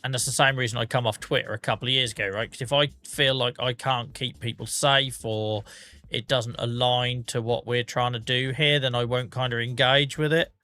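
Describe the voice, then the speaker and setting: His medium-pitched voice stays fairly even at a moderate pace, sounding pushed and bright over soft background music. As host of a gaming livestream, he reads viewer comments aloud and chats casually, poking fun at himself.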